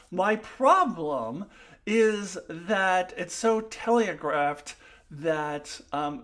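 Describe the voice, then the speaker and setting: Woman doing a solo episode review, lots of uh and um, gets loud and emphatic when something bugs her. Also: lowish voice. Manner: frequent fillers and restarts.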